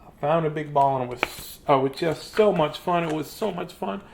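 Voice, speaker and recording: A man voicing an excitable little female pig in a storybook, high and dramatic in tone. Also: fairly quick, creaky, slight background noise. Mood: upset.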